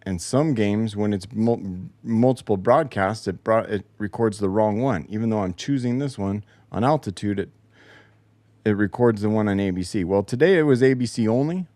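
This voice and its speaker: A man's voice: lowish voice, normal speed, mellow, dry recording. A man hosting a casual solo show, telling a profane, exasperated story about a broken game recording. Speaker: podcast host. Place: home basement.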